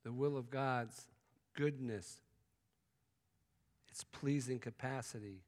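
A man preaching a sermon, swinging from loud exclamations to hushed, intimate tones. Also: mid-range voice, slow. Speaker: pastor. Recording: long hall reverb.

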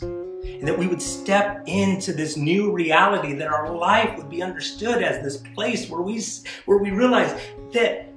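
A man preaching a sermon, reading scripture and speaking earnestly, often restarting his phrases as he builds to emphatic declarations. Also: on the high side. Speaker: pastor. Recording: echoey room with soft guitar behind.

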